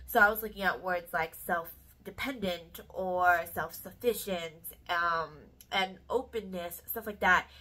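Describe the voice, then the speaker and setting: A woman's voice: on the low side, bright, forceful tone. A young woman talking candidly in a personal vlog, rambling and filling her sentences with "kind of" and "you know". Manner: candid, rambling, many hedging fillers. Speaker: book vlogger. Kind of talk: personal vlog talk to camera.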